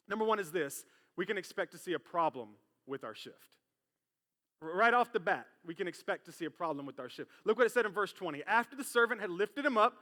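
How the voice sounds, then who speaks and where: A man preaching a sermon in a church, telling a personal story and acting out the voices in it. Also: high voice. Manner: animated, acts out voices in his story. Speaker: pastor. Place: church sanctuary. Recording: long hall reverb in church.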